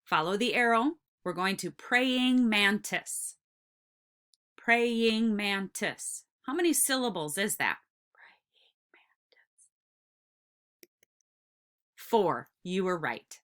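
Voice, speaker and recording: A woman teaching a recorded kindergarten lesson, speaking slowly and encouragingly and drawing out words for young children. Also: mid-range voice, very animated, a bit bright.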